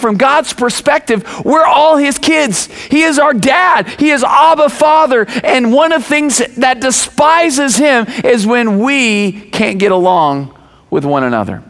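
A man in his forties, a pastor preaching a sermon, telling stories with lively acted-out voices and sudden raised words. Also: high voice. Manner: animated storytelling, acts out quoted voices, bursts of raised voice.

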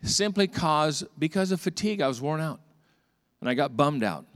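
A man's voice: a little high, moderate pace, dry recording, studio quality. A middle-aged man, a pastor, preaching a sermon and telling stories with acted-out dialogue. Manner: storytelling with lively acted-out dialogue.

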